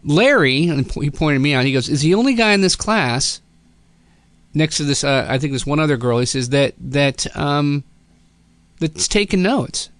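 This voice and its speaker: A man's voice: fairly high pitch, moderate pace, dry recording. A middle-aged man hosting a podcast, telling a casual, rambling story with many restarts and quoted voices. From Southern California. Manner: rambling, self-correcting, quotes people in lively voices. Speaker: podcast host.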